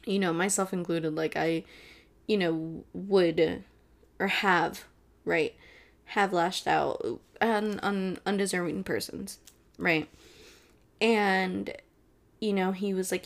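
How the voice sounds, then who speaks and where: Chatty woman with a gravelly edge. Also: on the low side, steady tone, slow, pauses often. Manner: chatty, blunt, swears freely. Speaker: podcast host. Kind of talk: casual solo podcast chat.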